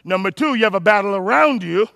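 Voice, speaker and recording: High-pitched, bright-toned preacher man. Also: fast talker, gravelly, no echo, clean studio sound. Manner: animated, storytelling with bursts of shouting; talks to an online audience typing comments. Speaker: pastor. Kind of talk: sermon.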